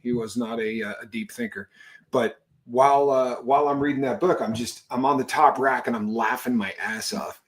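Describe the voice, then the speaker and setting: A man's voice: medium pitch, fairly even intonation, normal speed. A man hosting a live talk show, chatting casually and rambling with many fillers and restarts. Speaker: podcast host.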